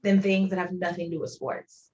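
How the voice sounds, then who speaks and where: A woman journalist, a guest on a podcast, talking in a relaxed, casual way with many "like"s. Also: fairly low pitch, fairly quick, highs cut off, a little hiss or hum. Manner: relaxed, filler-heavy, frequent "like". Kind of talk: casual interview conversation.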